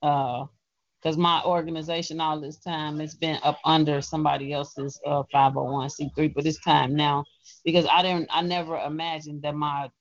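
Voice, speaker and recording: A woman chats as host of a call-in poetry show, animated and emphatic as she tells her news. Her voice has a gravelly edge. The audio is dull and lo-fi. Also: sits low, no echo. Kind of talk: casual radio-show chat.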